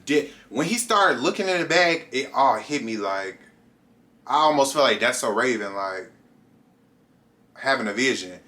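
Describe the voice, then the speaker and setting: Bright-voiced young man telling a story. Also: moderate pace, pauses often. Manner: animated, jumps into high voices for quoted lines; talks straight to viewers. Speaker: vlogger. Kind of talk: casual storytime.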